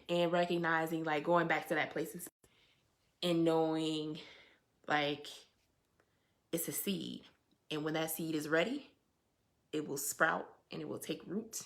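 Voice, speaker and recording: A young adult woman hosting her weekly update as an educator, talking in a casual, reflective way with emphatic, animated stretches and colloquial asides. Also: deep voice, moderate pace, long pauses.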